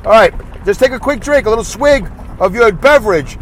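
Man, podcast host, nasal, high voice, chatty, recorded in a car. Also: a little fast, slight background noise. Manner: chatty, self-mocking, animated. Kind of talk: casual solo podcast reading listener comments.

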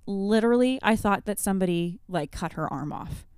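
Podcast co-host, 30s woman, casual storyteller, smooth clear tone, dry recording. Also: medium pitch, a little fast, dry recording. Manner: animated, laughing retelling with lots of "like".

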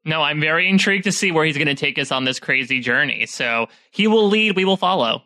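A man's voice: on the high side, animated, a little fast, bright, forceful tone. A man playing a tabletop game, bantering in a laid-back, joking way. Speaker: player.

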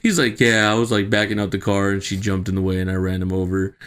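A man's voice: low voice, fast talker, smooth. A man co-hosting a podcast in casual chat, swearing and laughing as he tells stories. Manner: laughing, profane, animated storyteller. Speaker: podcast co-host.

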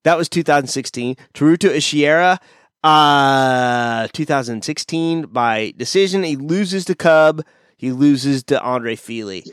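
A man hosting a casual fight-pick chat, his somewhat high voice blunt and opinionated. He talks through fighters' records in a loose, offhand way. The sound is dry and close over a video call. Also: a little slow, a bit bright, clean tone, no echo. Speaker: podcast host.

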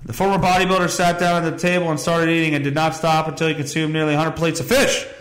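A man's voice: fairly high pitch, little pitch movement, quick pace, fairly bright tone. A man hosting a podcast, rambling through a casual monologue and reading news with a sarcastic, profane manner. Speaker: podcast host. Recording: echoey room.

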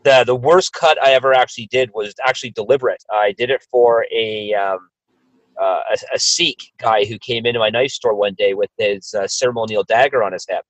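Animated storytelling man, dry close mic. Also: lowish voice, a little fast, dry recording, poor audio. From Canada. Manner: animated storyteller, acts out quotes. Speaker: podcast co-host. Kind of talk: casual chat.

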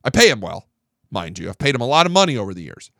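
A man's voice: medium pitch, very animated, fast talker, vocal fry, a bit bright, no echo, studio quality. A middle-aged man giving a blunt, heated monologue as a podcast host, often stumbling and restarting as he vents. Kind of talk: casual monologue.

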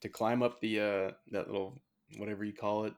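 A man's voice: fairly low pitch, flat delivery, a little fast. A man in casual podcast chat, laid-back and joking, swearing now and then. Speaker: podcast co-host. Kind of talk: casual movie review chat.

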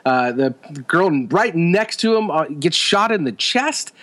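A man with a slightly raised voice chats excitedly as a co-host, walking through scenes with plenty of "uh" and "like". He sounds eager and animated, piling on praise as he goes. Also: sits high, measured pace. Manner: enthusiastic, animated retelling with frequent fillers. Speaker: podcast co-host. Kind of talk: casual chat.

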